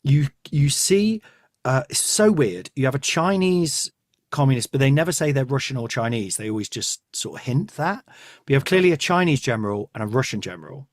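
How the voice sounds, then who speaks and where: A man hosting a podcast, retelling a story in casual comic chat with rambling, animated asides. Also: medium pitch, fairly quick, no echo, clean studio sound. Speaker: podcast host.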